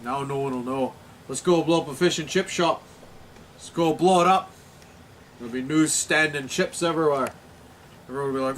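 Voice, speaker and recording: A man's voice: mid-range voice, brisk, pauses often, fairly bright tone, far from the mic, slight background noise. A man hosting a casual beer review, joking and goading his friends in playful banter. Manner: playful, teasing, repeats himself to goad others.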